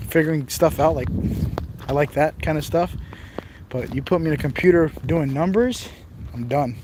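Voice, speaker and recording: A tired man with a slightly high voice hosts a casual phone livestream while exploring rough, open ground outdoors, rambling, joking, and reading viewer comments aloud. He holds the phone camera as he walks, and there's a bit of background noise.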